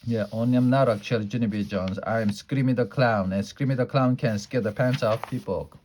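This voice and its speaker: A man doing a loud, excitable little girl. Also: medium pitch, a little fast, slight background noise, lightly acted. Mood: excited. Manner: squealing, exclamatory and raised.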